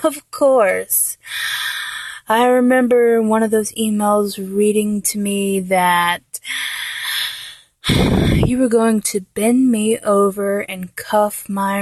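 Slow, taunting dominant woman. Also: mid-range voice, fairly even intonation, darkish tone, no echo. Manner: taunting and mocking, with frequent laughter; drops to a whisper at times. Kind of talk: dominant audio role-play.

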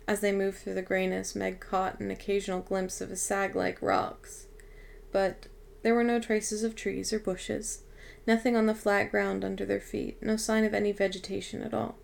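A woman narrating a novel aloud in a steady storytelling manner. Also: mid-range voice, normal speed, creaky. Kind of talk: audiobook reading.

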